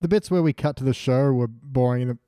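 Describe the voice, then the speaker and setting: A man's voice: medium pitch, brisk, noisy background. A man co-hosting a podcast, joking and bantering playfully in casual comedy chat. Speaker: podcast co-host.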